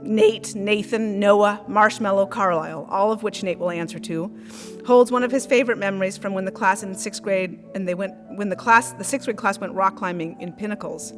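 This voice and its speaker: Woman, school teacher, reads graduation tributes from a prepared text, occasional stumbles, reverberant hall with soft music behind. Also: mid-range voice, normal speed.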